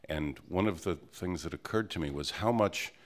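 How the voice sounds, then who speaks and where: A man hosting a radio interview show, talking in a measured, reflective way with a few hesitations. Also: low voice.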